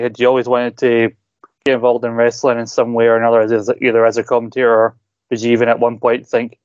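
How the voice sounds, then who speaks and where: A man with a Scottish accent hosting a podcast, asking questions in a relaxed, halting way and repeating words as he starts. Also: mid-range voice, clean tone, no room sound, lo-fi sound. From Scotland. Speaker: podcast host. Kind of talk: casual interview chat.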